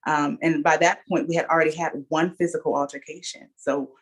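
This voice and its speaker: A woman's voice: sits low, steady tone, a little fast, husky. A middle-aged woman sharing a personal testimony as a guest speaker, telling her story earnestly and calling her listeners y'all.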